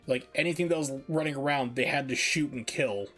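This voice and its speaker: A man's voice: medium pitch, brisk, fairly bright tone, faint music behind. A man streaming a speedrun, chatting casually and rambling with lots of fillers. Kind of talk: casual chat while gaming.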